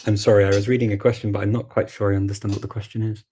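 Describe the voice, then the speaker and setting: A man with a Scouse accent hosting a live chat, answering viewer questions in a relaxed way, thinking aloud with many pauses and restarts. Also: on the low side, slightly rough. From Liverpool, England. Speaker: host of a live language chat.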